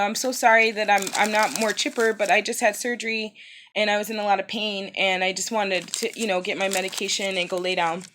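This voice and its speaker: A woman's voice: mid-range voice, a bit bright, a little hiss or hum. Upset woman in her thirties telling a story. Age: 30s. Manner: upset, recounting with frequent fillers and restarts. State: in pain after recent surgery. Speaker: vlogger. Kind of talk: casual storytime vlog.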